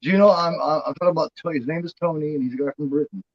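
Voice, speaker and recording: A man's voice: fairly high pitch, racing, no room sound, lo-fi sound. A man co-hosting a horror movie chat show, rambling and swearing freely in casual talk. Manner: rambling, swears freely, voices the cat in a playful drawl.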